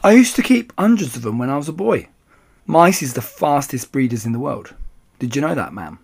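A man's voice: medium pitch, big pitch swings, a little fast, creaky, darkish tone, husky, heavily acted. A man reading aloud voices an oldish, talkative taxi driver with a folksy, cheeky manner. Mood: chatty.

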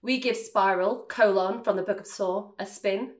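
A woman hosting a film podcast, playful and jokey, bouncing through the intro and teasing her co-hosts. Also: medium pitch. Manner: playful, jokey, quick to laugh. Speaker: podcast host. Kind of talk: casual film podcast chat.

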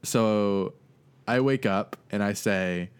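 Young man, low clear voice, wry storyteller, casual chat. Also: slow pace. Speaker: podcast co-host.

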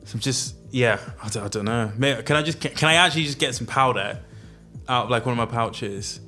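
A man playing in a tabletop game, chatty and quick to laugh. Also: mid-range voice, pushed and bright, soft background music. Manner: chatty, giggly. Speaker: player. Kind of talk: casual tabletop play.

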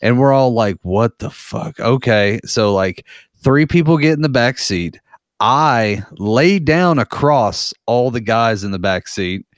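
A man tells a story in a loose, rambling way, swearing freely and leaning on filler words. His voice is mid-pitched and recorded dry and close. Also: lively intonation, a little slow, no echo. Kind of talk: casual storytelling.

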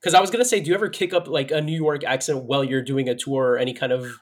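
A man's voice: medium pitch, steady tone, racing. A man hosting a casual interview, asking curious and slightly apologetic questions.

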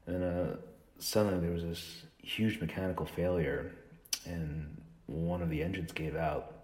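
A man's voice: sits low, steady tone, moderate pace, darkish tone, roomy sound. A man telling a strange story as a monologue, with a theatrical delivery.

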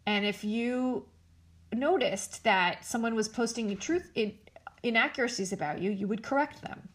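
A woman's voice: on the high side, moderate pace. A woman hosting a casual commentary show, blunt and sarcastic, swearing freely as she talks.

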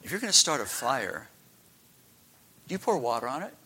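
A man preaching a Bible story to a family audience, animated and storytelling, asking the listeners questions. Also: medium pitch, normal speed, breathy edge. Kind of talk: children's Bible story sermon.

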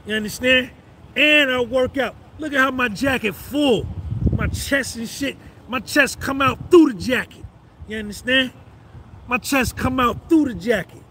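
A man's voice: extremely high pitch, measured pace, pushed and bright, a little hiss or hum. A man in his fifties giving a boastful motivational monologue on a live stream, swaggering and repeating his phrases for emphasis. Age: 50s.

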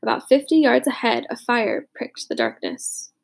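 A woman narrating a chapter book in a measured, reflective way. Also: a little high, huge pitch swings, creaky. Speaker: audiobook narrator. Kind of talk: storybook narration.

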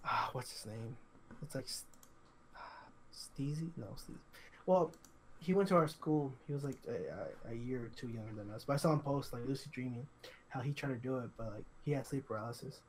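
A young man co-hosting a podcast, telling a story in casual chat, halting and repetitive, full of fillers and restarts. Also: medium pitch, slight background noise. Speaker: podcast co-host.

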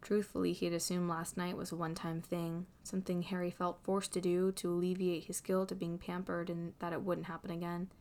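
Brief: woman narrator, slightly low voice, calm, even audiobook reading. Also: a little fast, few pauses. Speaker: reader. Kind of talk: fan fiction audiobook narration.

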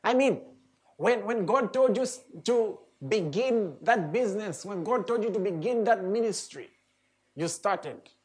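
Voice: medium pitch, lively intonation, measured pace. A preacher giving a sermon, reading scripture aloud and then commenting on it with emphatic, repeated rhetorical questions.

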